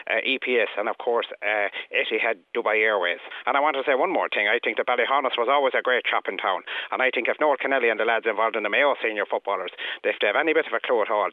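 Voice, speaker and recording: A rambling Irish country politician, as a man puts him on, gushing through one thank-you after another. He speaks quickly and a little low. He comes through a tinny, phone-like line. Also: no room sound, close to an everyday voice. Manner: rambling, full of "I think" and thank-yous.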